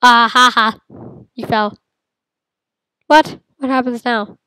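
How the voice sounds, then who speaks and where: A woman giving silly, playful commentary while playing a game, with sudden loud outbursts. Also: fairly high pitch, steady tone, slow pace, clear, resonant tone, no echo, rough recording. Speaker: gamer. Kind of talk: casual let's-play commentary.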